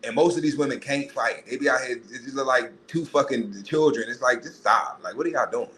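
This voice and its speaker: A man rants into his podcast mic, swearing freely and slipping into mocking voices. His voice sits at an everyday middle pitch. A faint hiss runs under the recording. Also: a little fast, rough recording. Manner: profane, animated ranting with mocking put-on voices. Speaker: podcast host. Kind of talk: casual monologue.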